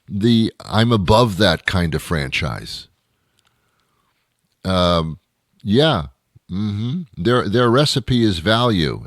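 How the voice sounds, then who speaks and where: A man's voice: fairly low pitch, fairly bright tone, no room sound, studio quality. A man hosting a comedy show, delivering a rambling, grumbling monologue with stammered restarts.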